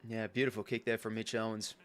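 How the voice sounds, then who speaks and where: A young Australian man giving casual live commentary on a football match he is watching as a fan, chatty and partisan, with excitable bursts. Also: lowish voice, quick pace.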